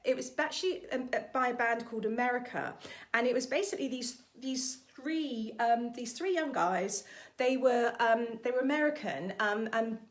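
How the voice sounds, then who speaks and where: A woman's voice: on the high side, moderate pace. A woman vocal coach, leading an online singalong lesson in a chatty, encouraging way. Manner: encouraging, chatty, sings warm-up exercises.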